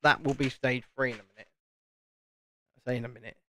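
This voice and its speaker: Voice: mid-range voice, fairly even intonation, brisk, pushed and bright, slight background noise. A speaker with a Southern English home counties accent, hosting a live stream and chatting casually while building, often repeating words. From England, home counties. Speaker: livestream host.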